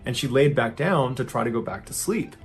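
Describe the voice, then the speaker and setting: A man narrating true crime stories in a steady, conversational storyteller's manner. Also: mid-range voice, brisk.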